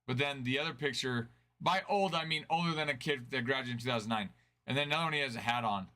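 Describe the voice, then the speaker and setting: A man's voice: mid-range voice, fast, bright, forceful tone. A man hosting a card break stream, chatting casually and answering viewers' chat.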